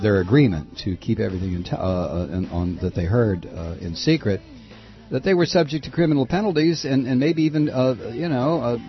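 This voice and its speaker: A man hosting a talk radio show, ranting heatedly and sarcastically about politics with a husky voice. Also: mid-range voice, muffled recording. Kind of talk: impassioned political radio monologue.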